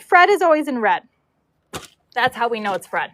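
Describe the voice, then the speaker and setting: A woman in her forties with a high voice chats casually on a livestream as she braids horses. She reads out viewer comments and talks baby talk to her dog. Faint noise sits in the background. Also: sing-song, normal speed, a bit bright. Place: horse show barn stall.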